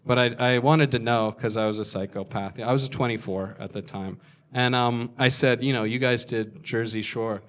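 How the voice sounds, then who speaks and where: A man's voice: mid-range voice, steady tone, fairly bright tone. Self-mocking male stand-up storyteller. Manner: self-deprecating, acts out others' lines in quick voices. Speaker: stand-up comedian. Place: comedy club stage.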